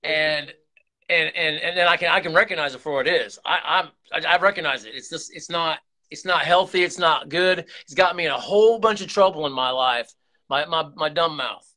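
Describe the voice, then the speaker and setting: On his channel, a YouTube host speaks a little fast in a bright, forceful voice that sits on the high side. Near tears, he pours out an earnest, rambling confession full of false starts and repeated words.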